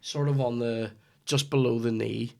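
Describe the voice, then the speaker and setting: A man's voice: mid-range voice, fairly even intonation, moderate pace, gravelly. A man, hosting a podcast and telling a comic story with plenty of swearing. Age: 30s. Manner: swears freely, restarts lines, acts out his mum in quoted asides. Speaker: podcast host. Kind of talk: casual comedic storytelling.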